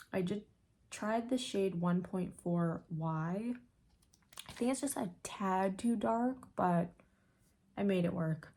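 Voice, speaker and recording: A young woman vlogging a casual makeup tutorial with a sore throat and a slightly rough voice, chatty and full of fillers. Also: fairly low pitch, mellow. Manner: chatty, filler-heavy, slow. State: sore throat, still sick. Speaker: beauty vlogger.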